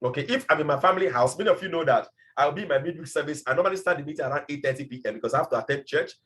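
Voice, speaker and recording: A man from Nigeria delivers a motivational business lesson with a notably high voice. He speaks with passion, hammering home his points by repeating them. His tone is that of a mentor rallying his team. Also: lively intonation, rapid-fire, fairly bright tone. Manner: passionate, emphatic, repeats phrases. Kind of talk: motivational training talk.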